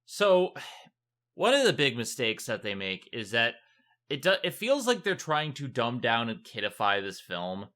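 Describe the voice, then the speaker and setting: A man co-hosting a casual movie review podcast, talking in an animated, exasperated way with many fillers. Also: mid-range voice, measured pace. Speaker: podcast co-host.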